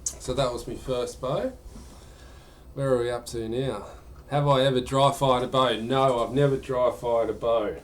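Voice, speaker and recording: A man's voice: mid-range voice, steady tone, unhurried. A man chatting casually during a live gaming stream, answering viewer questions in a rambling way.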